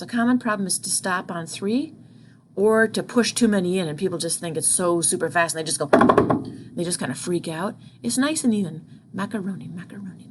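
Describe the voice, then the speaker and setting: A woman's voice: mid-range voice, a little hiss or hum. A music teacher explaining rhythms patiently, step by step, speaking into a computer mic at her desk. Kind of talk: online music lesson.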